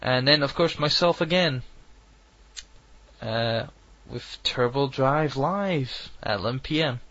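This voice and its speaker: A man's voice: mid-range voice, expressive, slow pace, a bit bright, no room sound, dull audio. A man hosting an internet radio show, rambling chattily through his sign-off and plugs, often correcting himself. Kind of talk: casual radio sign-off chat.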